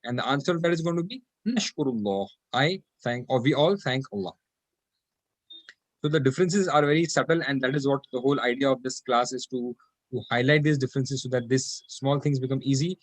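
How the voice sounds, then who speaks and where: A man's voice: mid-range voice, a little fast, no echo, low-quality recording. A man teaching an online class, explaining grammar patiently and repeating practice phrases aloud over a video call. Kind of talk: online Quranic Arabic class.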